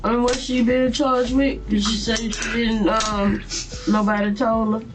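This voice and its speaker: A woman's voice: on the high side, level tone, a little slow. A middle-aged woman speaking as the suspect's mother, firm and scolding, tearful, repeatedly checking that she is being heard. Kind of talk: urgent family talk in interrogation room. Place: police interrogation room. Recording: voice from far off the mic. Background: music.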